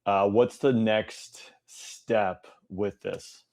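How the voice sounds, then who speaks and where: A man's voice: lowish voice, fairly even intonation, very slow, vocal fry, darkish tone. A man interviewing his guest casually, asking short questions with hesitant fillers. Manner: brief prompting questions with fillers.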